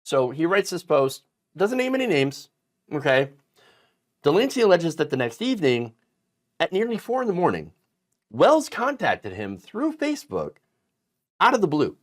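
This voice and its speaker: A man delivering political commentary with an indignant, emphatic edge. His pitch swings widely as he stresses words, and he stumbles through fillers and restarts as he talks. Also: wildly swooping pitch, normal speed, pauses often.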